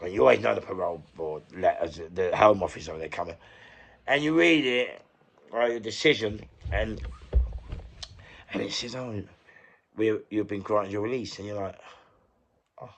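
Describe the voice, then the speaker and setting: A middle-aged London man with a deeply gravelly voice and a bright, forceful edge tells his story in an interview. He rambles, circles back on the same words and swears freely, and he keeps stopping to search for what to say. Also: normal speed, pauses often. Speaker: interview guest, former prisoner.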